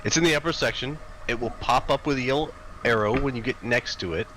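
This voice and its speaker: A man co-hosting a game stream in a relaxed, casual way, reading out viewer messages. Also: medium pitch, quick pace, crowd noise. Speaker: stream co-host reading chat. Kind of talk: casual live-stream chat.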